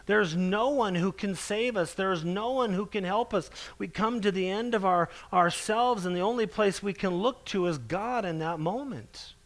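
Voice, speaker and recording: A man preaching a sermon in an earnest, emphatic way, slowing down to stress scripture. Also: high voice.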